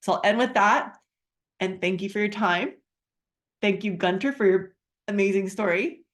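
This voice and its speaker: At a moderate pace, a middle-aged woman chats through a sincere personal story and a wellness business pitch, often using fillers and restarting her sentences.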